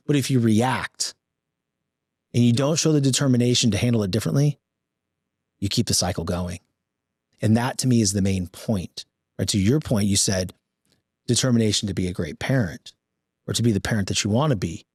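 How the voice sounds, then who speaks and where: A man's voice: fairly low pitch, brisk, pauses often, darkish tone, slightly rough, no room sound, clean studio sound. A middle-aged man on a podcast, telling a family story with earnest conviction and acting out the dialogue. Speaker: podcast guest. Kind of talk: casual conversation.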